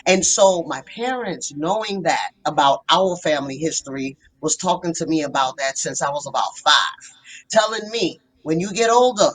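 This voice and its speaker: A woman's voice: low-pitched, animated, normal speed, a bit bright, low-quality recording. A woman therapist telling her story as a podcast guest, earnest and emphatic. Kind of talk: podcast interview.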